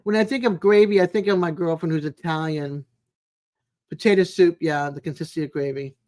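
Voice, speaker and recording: An adult live streamer with a mid-range, darkish voice talks briskly in casual, rambling chat. Using a home streaming mic with no camera, they greet viewers by name and make homey small talk full of fillers.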